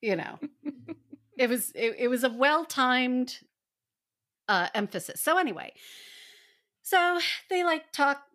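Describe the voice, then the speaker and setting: A woman's voice: high voice, expressive, slow pace, pauses often, sharp tone. A woman co-hosting a casual fan podcast, talking animatedly and acting out characters' lines as she retells scenes. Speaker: podcast co-host.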